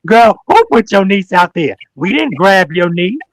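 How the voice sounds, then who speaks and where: Man, somewhat high voice, emphatic, preachy, repetitive, mock quoting, slangy, dry close sound. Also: moderate pace, few pauses, no room sound. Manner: emphatic, preachy, addresses people directly and repeats phrases; slangy, animated storytelling with mock quotes. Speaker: guest on a livestream talk show. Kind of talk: heated livestream call-out talk.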